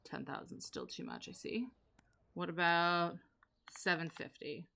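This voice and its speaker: A young woman streams a game live, riffing on it in a sarcastic, joking way. Her voice sits on the lower side but has a bright, forceful edge. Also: huge pitch swings, unhurried, vocal fry. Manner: sarcastic, joking banter with chat. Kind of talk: casual live gameplay commentary.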